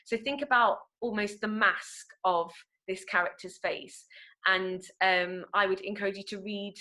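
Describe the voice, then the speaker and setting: A young woman with a Nottingham accent gives an online acting lesson. Her voice is bright and clear, at a middling pitch. She talks in a chatty way, with frequent ums and restarts, as if over a video call. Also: steady tone, unhurried. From England. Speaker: acting workshop leader. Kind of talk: online webinar talk.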